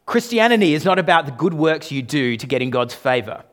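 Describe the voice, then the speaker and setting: A very animated man preaches a sermon at a brisk clip, speaking as pastor in an emphatic, conversational way. He often poses questions to the congregation, his pitch and volume rising and falling for emphasis.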